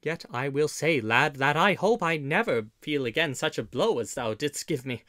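A man's voice: a little high, animated, moderate pace, a bit bright, dry recording, studio quality. A man voicing a bold, boisterous outlaw leader in an audiobook, speaking with hearty, emphatic old-fashioned speech. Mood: rueful. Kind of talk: audiobook character reading.

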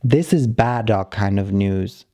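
A man calmly reading a short story aloud, narrating in the plain, halting voice of a dog. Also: lowish voice. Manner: calm, measured reading of a dog's broken-English narration. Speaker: story reader.

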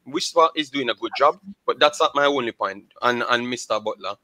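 A Jamaican man speaking as a guest on a panel show, earnest and halting, with many fillers. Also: medium pitch, bright, forceful tone, no room sound. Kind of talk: panel discussion.

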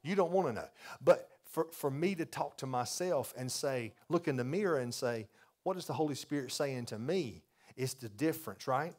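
A pastor preaching a folksy, confessional sermon that builds to loud, repeated emphasis. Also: male voice, medium pitch, animated, moderate pace, breathy edge.

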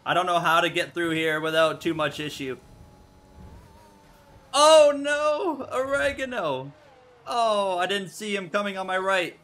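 Bright-voiced excitable young man gaming. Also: fairly high pitch, a little fast, few pauses. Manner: excitable, yelps and groans at crashes. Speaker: gaming YouTuber. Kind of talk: live racing game commentary.

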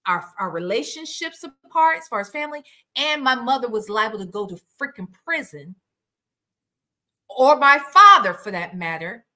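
Bright, outspoken woman livestreamer. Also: a little high. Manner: outspoken, profane, animated. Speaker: livestream host. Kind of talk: casual reaction livestream chat.

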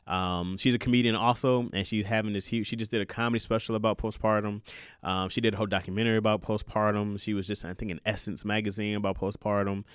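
A man's voice: fairly low pitch, clear, resonant tone, dry recording, studio quality. A man, a new father and comedian, talking casually and animatedly, swearing and laughing often. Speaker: new father giving advice. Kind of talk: casual monologue.

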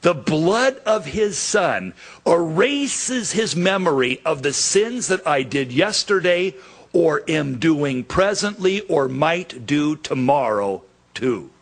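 Brief: male pastor, slow deliberate sermon, husky tone, acts out the dialogue. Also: a little high. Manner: animated preaching, acts out dialogue in quotes.

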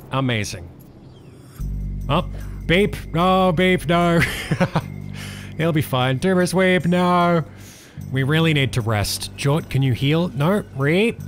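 A man hosting a gaming channel, giving excitable let's play commentary and laughing often. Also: a little high, takes it slowly, long pauses, soft background music. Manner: excitable, laughs often, yells when things go wrong.

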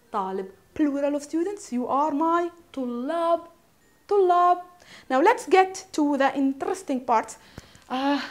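A woman with a Palestinian Arabic accent, a native Arabic speaker, teaching Arabic vocabulary in a casual lesson, repeating words slowly and checking in with "hmm?" and "yeah?". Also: high voice. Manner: shows objects while naming them.

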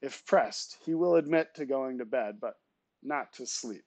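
A male teacher reading a novel aloud to his students, with relaxed, chatty asides between passages. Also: mid-range voice, unhurried, no room sound.

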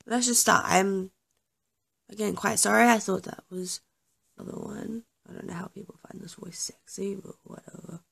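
Gravelly-voiced young woman gaming. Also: medium pitch, fairly even intonation, moderate pace, a bit bright. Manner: self-deprecating, apologetic, chatty. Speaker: gaming YouTuber. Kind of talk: casual gameplay commentary.

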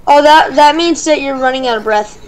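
A woman's voice: high-pitched, a little fast. A woman playing a horror game with friends, urging them on and calling out what to do. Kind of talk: casual gaming chatter.

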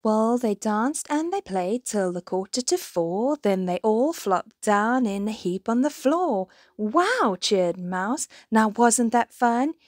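A woman's voice: medium pitch, animated, takes it slowly, hardly any pauses, a little mellow, dry recording, studio quality. A woman reading a children's picture book aloud in a sing-song, rhythmic way, playing with the sound words. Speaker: storybook reader.

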